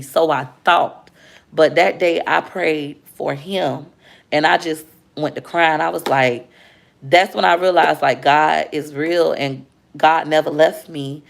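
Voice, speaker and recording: A woman's voice: low voice, gravelly. A woman in her thirties chatting earnestly with her viewers in a casual livestream and reading out their comments. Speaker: livestream host talking to viewers. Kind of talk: casual heartfelt chat to viewers.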